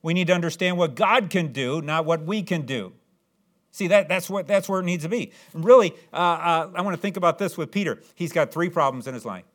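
A man preaching a sermon, reading scripture slowly and repeating phrases as he builds to loud, emphatic stresses. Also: a little high, animated. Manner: reads scripture aloud in slow, drawn-out cadence. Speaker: pastor.

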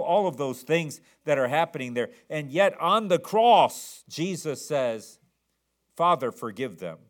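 A man preaching a sermon, reading King James scripture and repeating words as he builds each point. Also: on the high side. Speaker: pastor.

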